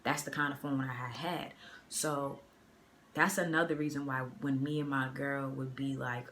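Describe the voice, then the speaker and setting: Speaking at a normal pace, this local woman from around Boston has an extremely low, slightly bright voice with fairly even intonation. She's a vlogger recounting a story in a relaxed storytime clip, full of slang and filler words. The phone-camera recording carries a little hiss or hum.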